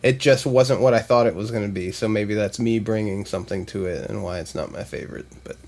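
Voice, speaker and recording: A man's voice: on the low side, brisk, creaky, a little mellow, a little hiss or hum. A man co-hosting a podcast, chatting casually and laughing his way through stories. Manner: laughs while telling stories. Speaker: podcast co-host. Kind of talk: casual chat.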